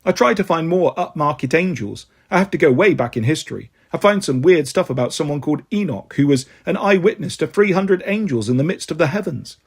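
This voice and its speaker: A man narrates a novel aloud as an audiobook, shifting expressively between the characters. His voice is husky and sits a little high for a man. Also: brisk, hardly any pauses. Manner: expressive reading, voicing characters. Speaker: storyteller.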